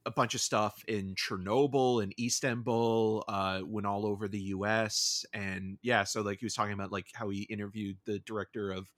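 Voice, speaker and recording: Bright-voiced man with teasing asides. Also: on the low side, level tone, moderate pace, few pauses, no echo, clean studio sound. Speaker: podcast co-host. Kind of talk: casual chat.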